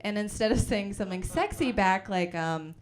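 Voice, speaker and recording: A woman's voice: medium pitch, expressive, moderate pace, slight background noise. A young woman from Calgary doing a self-deprecating, rambling stand-up set at a house party. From Calgary, Canada. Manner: self-deprecating, rambling, full of fillers and giggles. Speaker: stand-up comic.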